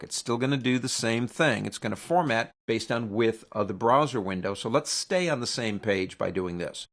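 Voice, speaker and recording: Gravelly-voiced male teacher walking through software. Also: mid-range voice. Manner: casual, chatty, with joking opinionated asides. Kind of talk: software tutorial walkthrough.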